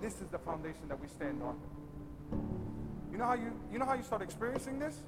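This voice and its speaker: A man with a very high voice delivers a sermon as a pastor in a big church. He drops to quick, low-key asides, then rises to loud, stretched-out shouts. Loud music plays under his voice the whole time. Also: sing-song. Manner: swings from quiet, fast asides to loud, drawn-out shouting. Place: large church hall with congregation.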